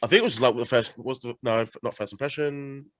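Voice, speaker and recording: A man's voice: medium pitch, fast talker, a bit bright, dry recording. A man with an English accent hosting a podcast interview, teasing his guests with mock offence. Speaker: podcast host.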